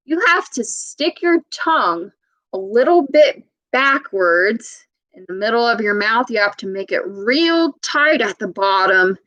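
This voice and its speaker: A woman reading a storybook to children and leading a speech lesson, modeling sounds slowly and patiently with exaggerated emphasis. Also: medium pitch, a bit bright, no echo, poor audio.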